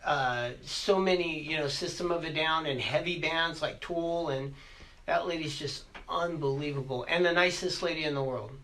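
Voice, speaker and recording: A man's voice: a little high, normal speed, sharp tone, slight background noise, low-quality recording. A man who also works as a producer, chatting casually and jokily with his bandmates in an office. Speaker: band member and producer. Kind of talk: casual chat.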